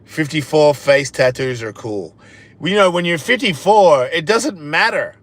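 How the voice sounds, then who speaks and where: A man's voice: expressive, unhurried. A man, hosting a live stream, chatting casually and bluntly with plenty of swearing as he reacts to viewer comments. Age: 50s. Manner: profane, blunt, jokey, drops into a low mumble. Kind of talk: rambling casual chat reading viewer comments.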